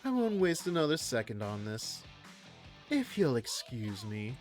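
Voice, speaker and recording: A man's voice: medium pitch, wildly swooping pitch, unhurried, soft background music. A man voicing a proud, haughty young female model in a game, reading her lines in an imperious, indignant way.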